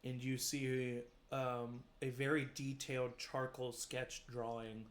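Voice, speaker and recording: A man narrating a tabletop game as game master, in a relaxed way with fillers. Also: mid-range voice, slow.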